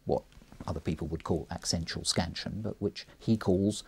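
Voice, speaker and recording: A man in an interview explaining verse rhythm in an animated lecturing way. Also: deep voice, moderate pace, a little hiss or hum. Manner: animated lecturing, reciting rhymes as examples. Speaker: literary scholar.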